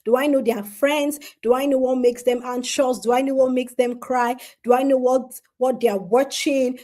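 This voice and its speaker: A woman's voice: high voice, fairly even intonation, moderate pace, warm tone. A woman giving an earnest parenting advice talk, speaking straight to parents and repeating key points for emphasis. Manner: addresses parents directly.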